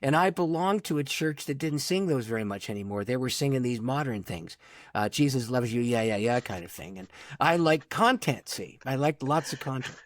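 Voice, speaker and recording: A man's voice: medium pitch, big pitch swings, normal speed. A middle-aged man, a pastor, telling a personal story in conversation, acting out the voices in his quotes. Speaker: pastor and author, podcast guest.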